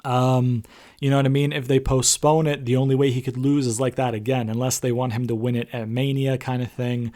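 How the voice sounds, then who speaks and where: A man's voice: medium pitch, level tone, a little fast, dark tone. Rambling man reviewing wrestling. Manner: rambling, lots of ums and you-knows, casual swearing. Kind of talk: casual solo review.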